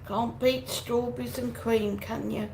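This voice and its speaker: A woman hosting a relaxed live stream and reading out viewers' comments. Her voice sits high and she takes her time, greeting people by name. A faint noise hums under the recording. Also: a little slow, gravelly, rough recording. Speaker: livestream host. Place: outdoors or home in Benidorm.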